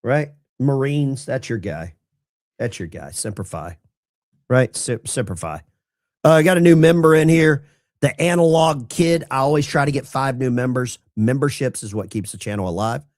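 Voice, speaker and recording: A man's voice: medium pitch, moderate pace. A man hosting a live stream of political commentary, talking to his chat viewers in a sarcastic, rambling way with many restarts. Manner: addresses chat viewers directly. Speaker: political commentary livestream host.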